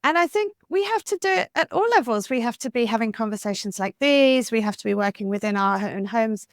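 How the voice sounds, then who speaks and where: A woman author being interviewed on a podcast, talking in an animated, talkative way with lots of "like" and "you know.". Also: a little high, brisk, dry recording, clean studio sound. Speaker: author guest.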